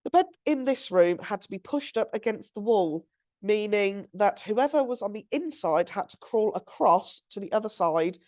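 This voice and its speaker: A woman's voice: mid-range voice, expressive, moderate pace, a little mellow. A woman, co-hosting a podcast and reading out a listener's story in a chatty, giggly way. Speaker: podcast co-host.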